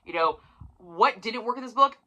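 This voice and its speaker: A woman giving a casual, profane book review for her channel, swinging from loud emphasis to near-whispers. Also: on the high side, animated, moderate pace, highs cut off.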